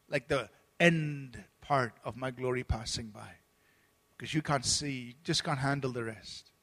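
A man with a high-pitched voice preaches a Sunday sermon as pastor, earnest and steady, often restarting and repeating words as he goes. His voice carries a long reverb, as if recorded in a large hall. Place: church service.

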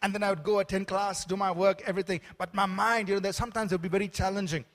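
High-voiced preacher in a reverberant hall. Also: male voice, fairly even intonation, racing, fairly bright tone. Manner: emphatic, calls out to the congregation; storytelling with many fillers and restarts. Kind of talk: sermon. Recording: long reverb of a large hall.

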